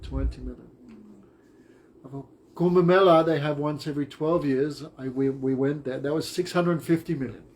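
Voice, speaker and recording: A man's voice: fairly high pitch, moderate pace, a little mellow. Brief: male teacher, storytelling in class, plain and simple, light background noise. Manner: simple, short-phrased retelling.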